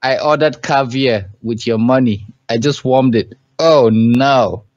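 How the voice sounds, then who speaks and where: A man's voice: medium pitch, slow, darkish tone. A man baiting a scammer on the phone, mocking and boastful. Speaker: scambaiter. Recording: dull lo-fi recording.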